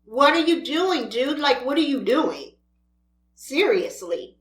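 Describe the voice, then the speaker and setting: A woman mukbang vlogger eats while ranting, scolding other creators in an exasperated tone. Her voice sits high and is very animated, her pace is slow, and the recording is reverberant.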